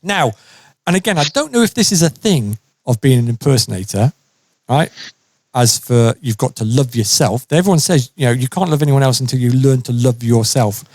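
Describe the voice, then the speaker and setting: A man's voice: medium pitch, normal speed, no room sound. A man casually telling a funny story on a podcast, acting out the people in it and laughing often. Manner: animated, lively, acts out quotes and laughs often.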